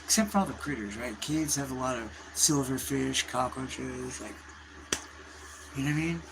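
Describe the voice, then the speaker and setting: A man's voice: medium pitch, normal speed, vocal fry, noisy background. A man, rambling through stories on a livestream in profane slang. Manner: profane, slangy, calls listeners dude and bro. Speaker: livestream host.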